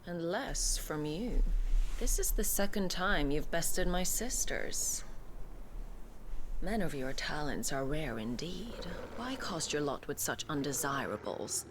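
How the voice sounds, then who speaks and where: Commanding game villainess, breathy and scornful, slow and low, pitch rising and falling widely. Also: female voice, very animated, background noise, heavily acted. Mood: seductive. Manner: slow, drawn-out, taunting. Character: seductive, scornful, commanding female warrior villain.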